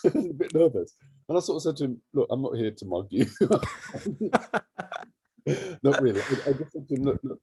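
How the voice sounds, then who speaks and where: Man, charity head, low husky voice, lively storyteller who acts out dialogue; dry close sound. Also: no echo, low-quality recording. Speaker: charity CEO. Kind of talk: animated storytelling in an interview.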